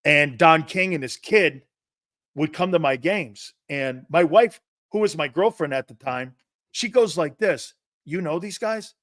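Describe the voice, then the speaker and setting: The speaker, a man in his 50s hosting sports talk, rambles through a casual anecdotal monologue with digressions, restarts, and some profanity. He speaks unhurriedly in a slightly high, fairly bright voice with lively intonation, recorded dry and clean in a studio.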